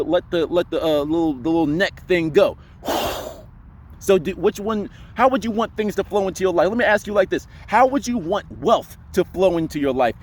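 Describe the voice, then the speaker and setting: A young man giving casual voice advice to camera, emphatic and full of rhetorical questions, sometimes dropping into a deep voice to demonstrate. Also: a little hiss or hum. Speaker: voice coach vlogger.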